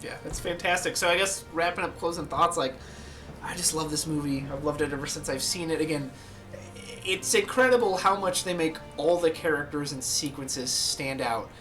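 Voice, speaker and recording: A man's voice: on the high side, moderate pace, fairly bright tone, soft background music. A man talking casually and enthusiastically about a favorite film, often quoting its lines. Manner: enthusiastic, quotes film lines in little voices. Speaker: podcast host.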